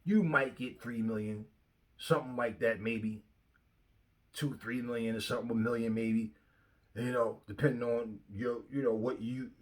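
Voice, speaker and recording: A man's voice: mid-range voice, fairly bright tone. A young man hosting his own channel, ranting to camera with a confrontational, profane delivery and frequent repetition. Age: young adult. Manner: confrontational, profane, repeats himself. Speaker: channel host. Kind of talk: heated rant to camera. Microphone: phone facing him.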